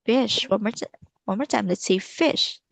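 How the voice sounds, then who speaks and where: This woman teaches a child English in an online video-call lesson, going over words again with patience. She has a mid-range, creaky voice at a moderate pace, captured in a dry recording.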